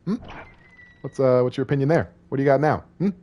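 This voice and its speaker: A man's voice: medium pitch, quick pace, lo-fi sound. A man streaming a game, chatting playfully with viewers, rambling between lines of game text he reads aloud. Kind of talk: casual live-stream chat while playing.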